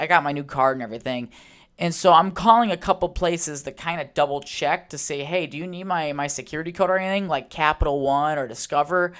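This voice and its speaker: A man hosting his own podcast alone, rambling casually, swearing often, and getting worked up easily. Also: a little high. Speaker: podcast host.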